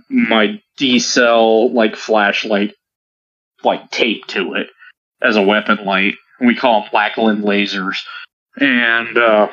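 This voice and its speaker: A man's voice: medium pitch, a bit bright. A man telling a profane, laughing story in casual podcast chat over voice chat. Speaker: podcast co-host. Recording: dull lo-fi voice chat audio.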